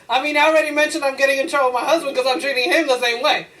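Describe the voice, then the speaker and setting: A woman teacher lecturing a class, her voice sitting a little high. She talks with lively energy, slipping into quoted voices for her own thoughts and firing rhetorical questions at the room. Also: quick pace, rough recording. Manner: laughs easily, asks the class rhetorical questions.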